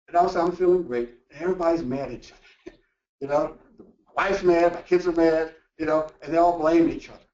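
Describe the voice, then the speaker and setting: A man presenting a motivational workplace talk, animated and full of rhetorical questions. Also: fairly high pitch. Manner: animated, acts out quoted voices and asks rhetorical questions. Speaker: workshop presenter. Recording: echoey room, distant mic, dull lo-fi sound.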